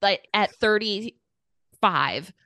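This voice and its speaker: A woman in her thirties, a podcast guest talking candidly, blunt and animated, swearing casually. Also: medium pitch, drawn-out words, no echo, clean studio sound. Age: 30s. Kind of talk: candid conversation.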